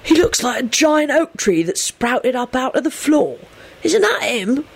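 A woman voicing a swaggering young wizard man with a rough, rasping delivery. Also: high voice, sing-song, measured pace, pitched above the performer's own voice, heavily acted. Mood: brash.

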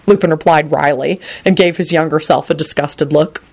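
A woman narrating a story aloud in expressive storytelling style. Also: deep voice, a little fast, hardly any pauses. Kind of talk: audiobook reading of fan fiction.

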